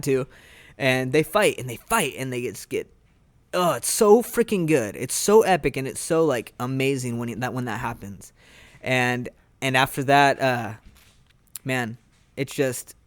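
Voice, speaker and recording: Rambling, excitable man recapping an anime. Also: mid-range voice, dry recording. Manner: rambling and excitable, heavy use of filler words. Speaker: podcast host reviewing anime. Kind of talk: casual chat.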